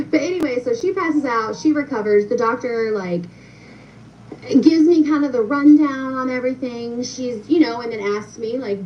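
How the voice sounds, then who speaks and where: Chatty young woman telling a story. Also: a little high. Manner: chatty, many fillers, addresses viewers directly. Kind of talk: casual storytelling to viewers. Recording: distant, muffled with faint noise.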